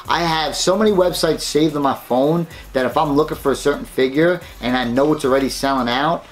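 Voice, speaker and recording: A man hosting a casual unboxing vlog, excited and chatty, rambling about his finds. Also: a little high. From New York, United States. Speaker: host.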